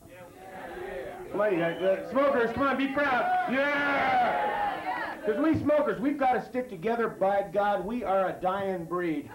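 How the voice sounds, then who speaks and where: A man doing a profane stand-up routine on a club stage, swinging from high yelps to low mutters. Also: expressive, normal speed, heavy background noise. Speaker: stand-up comedian. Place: comedy club stage before live audience. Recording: echoey club with crowd laughter. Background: audience laughter.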